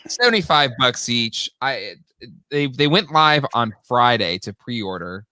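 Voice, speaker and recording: A man co-hosting a casual podcast chat, talking in an animated way and reading out listener comments. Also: a little slow, clear, resonant tone, dry recording. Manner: animated, jumps high in pitch when exasperated. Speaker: podcast co-host.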